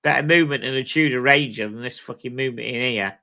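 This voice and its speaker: A man's voice: mid-range voice, fast, bright, forceful tone. A British man hosting a live stream, chatting casually with viewers in a blunt, sweary way. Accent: British English. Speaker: livestream host. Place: home streaming setup.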